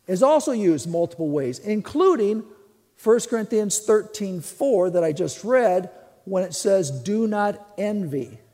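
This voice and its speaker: A man's voice: sits high, warm tone, long reverb tail. A man preaching a teaching sermon, emphatic, repeating and restarting phrases as he explains. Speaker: pastor.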